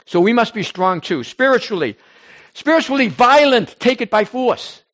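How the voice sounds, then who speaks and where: A man preaching informally to a small group, rambling and animated, swinging between loud bursts and soft asides. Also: extremely high pitch, normal speed, highs cut off. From United States.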